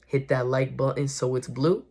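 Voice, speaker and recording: A man's voice: mid-range voice, level tone, moderate pace, darkish tone, slightly rough. A young man vlogging casual spiritual encouragement, earnest and slangy, often repeating and correcting himself. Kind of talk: casual motivational talk to camera.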